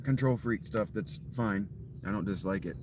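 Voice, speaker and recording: Male gaming streamer, deep-leaning voice, deadpan profane chatter over steady background noise. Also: normal speed. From Ohio. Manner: dry, offhand, profane. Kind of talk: casual live game commentary.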